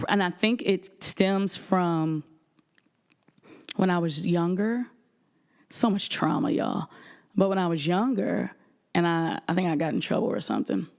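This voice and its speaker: A woman in her forties hosting a faith-based advice talk, speaking frankly and confidingly to her listeners. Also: on the low side. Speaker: podcast host.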